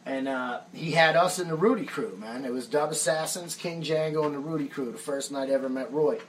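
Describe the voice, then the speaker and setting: A man's voice: a little high, a little fast, recorded from a distance, slight background noise, rough recording. An American musician and songwriter telling stories casually on a live stream, laid-back and profane, saying "man" often. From United States. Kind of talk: casual storytelling.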